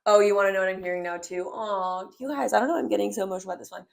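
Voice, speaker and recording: A woman's voice: medium pitch, fairly even intonation, racing, creaky. Chatty young woman reading tarot. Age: 20s. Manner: rambling and heartfelt, many filler "like"s. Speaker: tarot reader. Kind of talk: casual spoken tarot reading.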